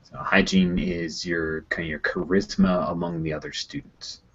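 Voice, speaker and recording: A man's voice: deep voice, steady tone, normal speed, a bit bright, husky, dull audio. A man running a tabletop game, explaining the rules in a chatty, upbeat way with easy laughter. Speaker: game master.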